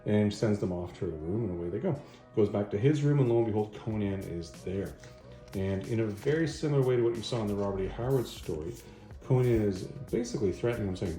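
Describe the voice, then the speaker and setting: Male comic reviewer, low and warm, casual retelling with quick character asides; roomy echo, faint music underneath. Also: animated. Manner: chatty, acts out quoted dialogue in passing. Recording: echoey room, faint background music.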